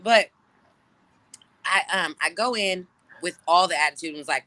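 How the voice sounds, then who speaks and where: A woman, an interview guest, telling a story in casual, profane, animated talk and laughing often. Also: fairly low pitch, moderate pace, pauses often, no room sound.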